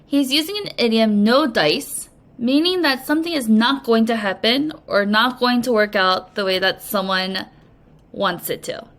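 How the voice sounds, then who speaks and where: A woman English teacher giving a recorded reading lesson, explaining slowly and patiently to young students. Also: a little high, a bit bright. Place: language academy.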